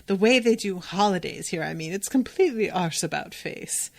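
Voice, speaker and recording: A disdainful upper-class British woman of middle age, put on by a woman recapping a show. The put-on accent is crisp and snooty, pitched slightly lower and a little softer than the performer's usual talk. She sounds thoroughly unimpressed by her surroundings. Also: expressive, moderate pace, dry recording.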